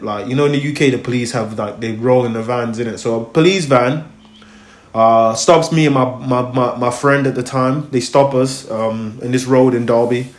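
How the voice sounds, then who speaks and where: Young man, storyteller, rambling and animated, echoey room, middle pitch. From Congo, raised in America, now UK. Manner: rambling and animated, acts out voices, heavy slang fillers. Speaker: host. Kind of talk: casual storytelling chat.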